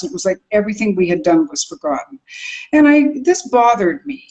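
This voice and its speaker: An older woman from Canada tells stories about her teaching in an interview. She talks expressively and sounds out rhythms and syllables. Her voice sits in an ordinary middle pitch. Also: a little mellow, rough recording. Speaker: accent coach and communication teacher. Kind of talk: animated interview storytelling.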